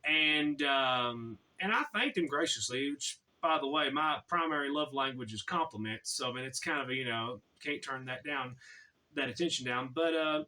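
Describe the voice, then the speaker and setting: A man's voice: mid-range voice, normal speed, pushed and bright, far from the mic. A man telling a personal story in a casual, chatty way, full of slang.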